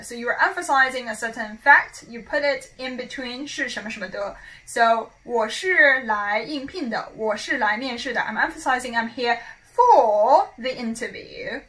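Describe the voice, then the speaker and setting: Woman, language lesson, clear repetitions, bright tone, a little high. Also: lively intonation, low-quality recording. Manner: clear, slow repetitions of model phrases. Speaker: Chinese language teacher.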